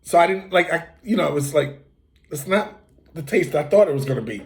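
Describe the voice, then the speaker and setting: A man's voice: fairly high pitch, a little fast, creaky. Rambling American man telling a story. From United States. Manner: relaxed, rambling, many fillers and restarts. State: occasional coughing. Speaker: host. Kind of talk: casual storytelling.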